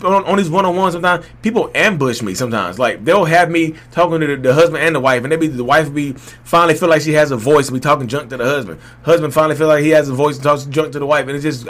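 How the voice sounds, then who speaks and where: A man speaks in a candid, unscripted monologue. He rambles and restarts, and his voice climbs loud when he gets heated. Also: on the high side. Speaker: vlog host speaking on his own experience.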